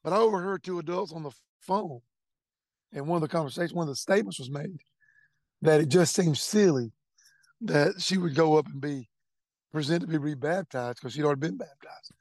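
A man's voice: on the high side, a little fast, darkish tone, no room sound. A middle-aged man, earnestly telling his faith testimony and repeating words as he goes. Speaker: testimony speaker. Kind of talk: personal testimony storytelling.

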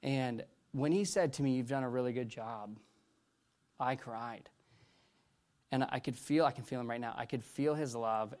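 Speaking at a mid-range pitch, a middle-aged man recounts his own story as a sermon. The telling is halting and meandering with frequent restarts, and it shifts between loud bursts and hushed moments.

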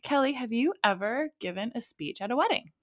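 A woman hosting a wedding podcast in casual chat, lively and playful, quick to laugh. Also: fairly high pitch, no echo, clean studio sound. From Canada. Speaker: podcast host.

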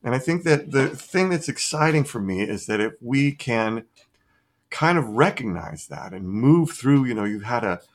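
A middle-aged man of middle pitch, talking as a guest on a podcast. He speaks expansively, builds up enthusiasm and muses on big ideas. The tone stays conversational and reflective. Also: lively intonation, normal speed, slight background noise.

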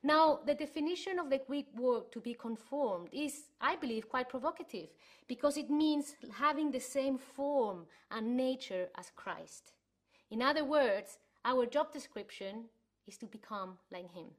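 A woman's voice: high-pitched, a little slow. A woman from Chile giving an earnest sermon to an online church congregation, telling stories as she teaches. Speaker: church speaker.

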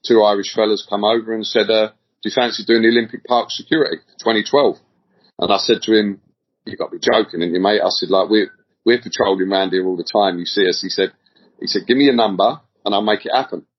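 A man's voice: on the low side, fairly even intonation, fast talker, husky. A middle-aged man from England, telling stories as a podcast guest in a rambling, slangy way, often repeating words. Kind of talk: casual storytelling interview. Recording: dull lo-fi audio.

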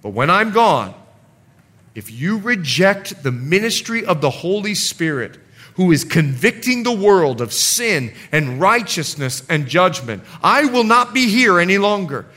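A male pastor preaching with a high, bright voice that leaps up and down in pitch. He talks with an animated flair and acts out the scenes and quotes he describes, as a sermon does. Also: a little slow.

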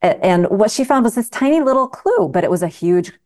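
A woman's voice: medium pitch, very animated, fairly quick, a little mellow. A middle-aged woman physician speaking as a guest in a casual interview, emphatic and passionate, often restarting her sentences.

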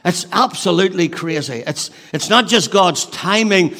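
A man preaching a sermon in an earnest way, building emphasis and then dropping to a hush, often restarting his phrases. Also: high-pitched, animated, moderate pace. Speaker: pastor. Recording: long hall reverb.

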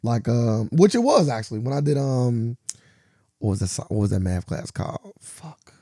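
A man's voice: mid-range voice, big pitch swings, normal speed, mellow, husky, no room sound. A man co-hosting a podcast in casual chat, rambling and slangy as he explains things, with a dry close sound. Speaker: podcast co-host.

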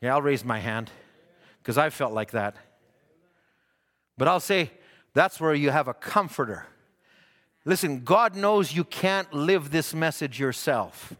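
A man preaching a sermon earnestly, often stumbling into quick restarts as he reads and explains scripture. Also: on the high side, animated, fairly bright tone. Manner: earnest, with frequent stammered restarts. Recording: long hall reverb.

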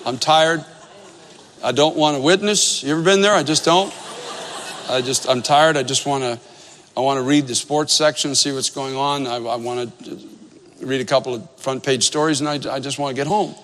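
A man's voice: mid-range voice, moderate pace, a bit bright, slight background noise. Man preaching in a reverberant hall. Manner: conversational, self-deprecating humor, repeats phrases. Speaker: pastor. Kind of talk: sermon storytelling.

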